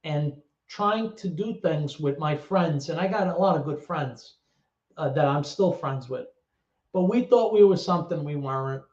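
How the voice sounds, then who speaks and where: With a slightly high, somewhat mellow voice and lively intonation, the guest talks at a moderate pace in his New York accent. He's from the Bronx and rambles through personal stories casually and profanely, full of fillers and false starts. The audio has a dull, roomy lo-fi quality.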